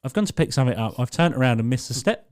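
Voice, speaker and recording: A man's voice: medium pitch, sing-song, fast, a little mellow. A young man, co-hosting a podcast, telling a funny story and laughing through it, swearing freely. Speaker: podcast co-host. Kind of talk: casual storytelling.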